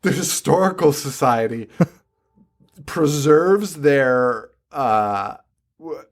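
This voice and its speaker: A man's voice: medium pitch, expressive, very slow. A man hosting a podcast, chatting casually about a movie, swearing a lot, laughing often and acting out scenes in silly voices. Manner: profane, laughing, acts out characters in silly voices. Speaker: podcast host. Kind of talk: casual movie-review chat.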